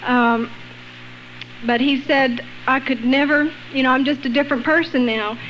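High-voiced woman telling her story. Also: normal speed, highs cut off, faint music behind. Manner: lively, acts out quoted voices, laughs between lines. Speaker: guest sharing a personal testimony. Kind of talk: animated storytelling testimony.

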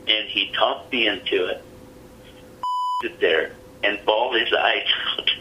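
A man's voice: on the low side, measured pace, bright, forceful tone, low-quality recording. A middle-aged man, an interview guest, telling a personal story in an earnest, plainspoken way.

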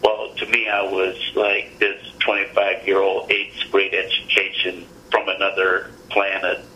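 Middle-aged guy telling his story straight, low voice, bright tone, kinda phone-line sound. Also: monotone, measured pace. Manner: earnest, plainspoken storytelling. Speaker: interview guest.

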